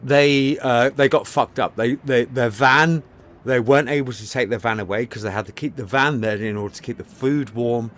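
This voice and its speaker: A man's voice: mid-range voice, moderate pace, a bit bright. A man streaming live, telling a rambling, profane story and lecturing his chat, repeating himself for emphasis. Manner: storytelling, preachy.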